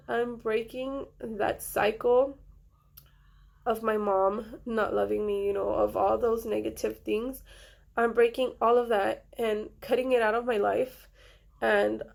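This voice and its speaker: Young woman, vlog storytelling, gravelly fry, flat and steady delivery, earnest, halting. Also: fairly high pitch. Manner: earnest, halting, with many fillers; quietly emotional. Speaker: vlogger. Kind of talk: personal storytelling to camera.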